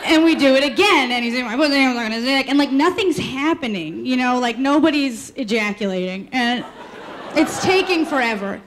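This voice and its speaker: A woman's voice: high-pitched, expressive, fairly quick. A woman telling a candid, rambling personal story on stage, laughing through her punchlines. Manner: candid, rambling, full of "like" and "you know". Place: storytelling stage before a live audience. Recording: live stage mic with audience noise. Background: audience laughter.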